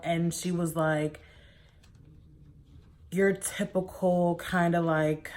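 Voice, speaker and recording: A young woman in her twenties telling a personal story to her viewers in a casual, animated way, often acting out what people said. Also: fairly low pitch. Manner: animated, quotes people in her own voice, says "like" a lot. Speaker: vlogger.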